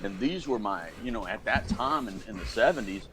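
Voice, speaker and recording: Podcast co-host, middle-aged American man, lowish voice, animated storyteller, faint room ambience. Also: normal speed, slight background noise. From United States. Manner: storytelling, animated, acts out quotes. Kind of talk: casual chat.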